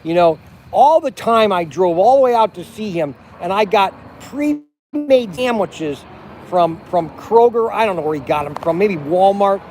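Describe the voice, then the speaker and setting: A man's voice: high voice, expressive, measured pace, darkish tone, slight background noise. A middle-aged man rambling casually in a livestream, talking outdoors by a campfire at night, with many restarts and fillers. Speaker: vlog host. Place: outdoors at a campground by a fire at night.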